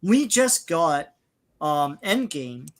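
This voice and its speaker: A man's voice: a little high, very animated, drawn-out words. A man co-hosting a casual talk show, giving rambling, opinionated takes and laughing often. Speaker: podcast co-host. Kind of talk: casual chat.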